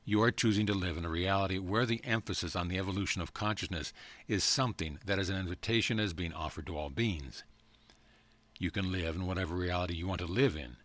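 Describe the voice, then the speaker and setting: A man reading a channeled spiritual message aloud in a calm, measured, evenly paced way. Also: low-pitched, no echo. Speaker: audiobook reader.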